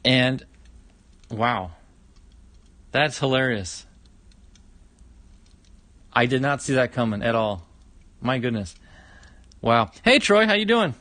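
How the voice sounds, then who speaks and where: A middle-aged man chats casually on his own livestream, reacting with lots of exclamations as he opens fan mail. His voice sits at an ordinary middle pitch and sounds close and dry, with no room around it. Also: lively intonation, slow pace, long pauses, fairly bright tone, dry recording. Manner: enthusiastic, chatty, exclaims often. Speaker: YouTube host opening fan mail.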